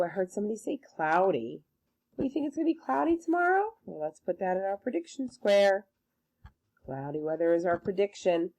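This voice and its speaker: A woman's voice: mid-range voice, a little mellow. A woman teacher leading circle time for young children, with an encouraging sing-song manner. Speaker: preschool teacher.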